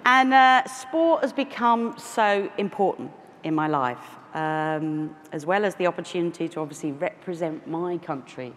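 A woman's voice: lowish voice, expressive, a little slow. A woman in her forties from London, with a London accent, giving a conference keynote full of self-deprecating asides and restarts. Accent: London English. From London, England. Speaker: keynote speaker. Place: large conference hall. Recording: echoey hall with faint noise.

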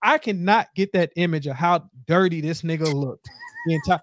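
A man hosting a podcast, ranting in casual chat, animated and heavy with profanity. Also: fairly high pitch, normal speed, a little hiss or hum. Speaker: podcast host.

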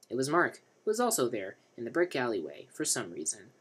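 A man's voice: mid-range voice, sing-song, brisk, few pauses, fairly bright tone, slightly rough. Man reading a novel with wry asides. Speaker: reader.

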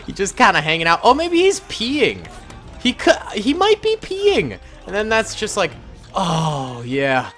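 A young man giving lively video game commentary, excitable, with loud exclamations and laughs. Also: high-pitched, unhurried, faint music behind. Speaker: gaming YouTuber.

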